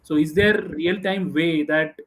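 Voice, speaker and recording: A man, relaying audience questions to the panel in a measured way. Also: on the high side, steady tone, a bit bright.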